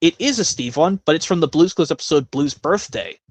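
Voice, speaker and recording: A man's voice: fairly high pitch, lively intonation, brisk, no room sound. A man hosting a casual live stream, chatting in a rambling way with many self-corrections.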